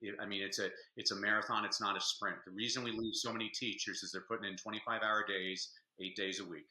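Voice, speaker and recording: A man speaking as a guest in a casual interview, an energetic, joking storyteller. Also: on the low side, fast talker, reverberant, rough recording. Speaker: guest, reading advocate.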